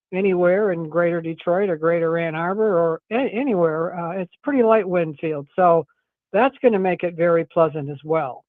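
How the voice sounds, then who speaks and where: A man's voice: sits high, dry recording. A man giving a chatty, easygoing radio weather forecast by phone. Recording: tinny phone line.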